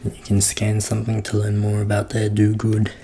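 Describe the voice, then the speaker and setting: Male ASMR creator, low, creaky voice, slipping between whispers and soft talk, dry asides. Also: completely flat delivery, fairly quick, slight background noise. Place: his room at home.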